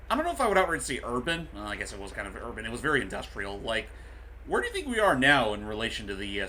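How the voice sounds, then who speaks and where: A young man co-hosting a casual game commentary, talking in an animated way with lots of fillers. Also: mid-range voice, slight background noise.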